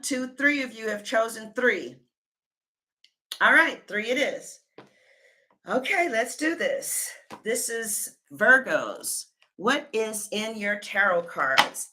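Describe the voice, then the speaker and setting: A woman's voice: fairly high pitch, pushed and bright. A woman reading tarot cards on a live stream, chatting with her viewers and thinking aloud as she goes. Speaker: tarot reader.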